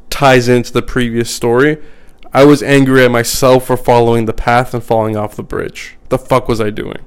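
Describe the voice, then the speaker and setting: Smooth-voiced man, blunt podcast monologue. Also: medium pitch. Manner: blunt, profane, emphatic with repetition. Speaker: podcast host. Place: at home.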